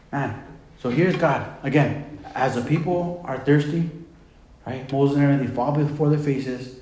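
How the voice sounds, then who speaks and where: A man's voice: medium pitch, normal speed, dark tone. Male pastor, middle-range voice, conversational sermon delivery, heavy hall echo. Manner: conversational, retelling scripture with emphasis. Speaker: preacher. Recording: very echoey hall.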